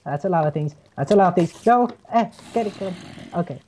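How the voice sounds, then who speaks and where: A woman chatting jokily while playing a game, often repeating herself when excited. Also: fairly low pitch, a little fast, a little hiss or hum. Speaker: gamer on a team. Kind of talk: casual let's-play chat.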